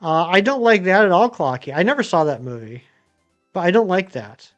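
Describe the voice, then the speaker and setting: High-voiced chatty man streaming. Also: big pitch swings, normal speed, highs cut off, soft background music. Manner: rambling, chatty, many ums and uhs. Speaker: game streamer. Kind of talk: casual live-stream chat answering viewers.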